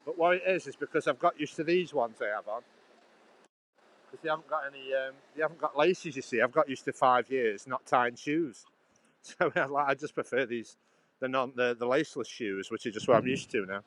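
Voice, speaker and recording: A man's voice: mid-range voice, brisk, fairly bright tone, low-quality recording. A man hosts a casual walking livestream outdoors, talking into a handheld phone. He rambles in a loose, friendly way and keeps chatting to his viewers by name as he goes. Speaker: livestream host. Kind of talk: casual live walking vlog. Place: outdoors on a canal towpath.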